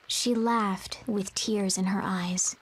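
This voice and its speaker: A woman voicing a lonely young girl who narrates her past in a soft, brooding whispered role-play for a video game. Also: mid-range voice, fairly even intonation, takes it slowly, slight background noise, natural voice, rough recording. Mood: hushed, somber. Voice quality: breathy, often whispered.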